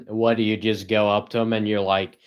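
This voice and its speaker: A man rambling sarcastically on a livestream from inside a house, joking in deadpan asides. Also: on the low side, moderate pace, lo-fi sound. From rural United States. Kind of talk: rambling comedic livestream chat. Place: indoors in a house.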